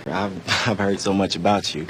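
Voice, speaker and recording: A deep-voiced, flustered man stumbles over his greeting, with nervous laughs breaking in. It sounds like a film clip with a faint hiss behind it. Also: steady tone, moderate pace, a bit bright, poor audio.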